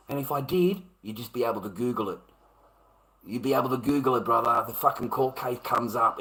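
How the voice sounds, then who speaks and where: A man's voice: medium pitch, vocal fry, a bit bright, low-quality recording. An Australian man ranting casually to a live chat, rambling and repeating himself with heavy swearing. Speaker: livestreamer.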